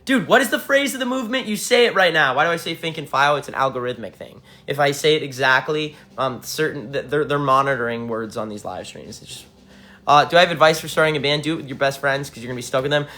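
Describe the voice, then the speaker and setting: A young man, a band frontman, chatting casually with fans on a livestream, excitable and swearing, jumping from topic to topic. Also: on the high side, quick pace. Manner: excitable, swearing, hype-driven, jumps between topics. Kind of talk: casual livestream chat with viewers.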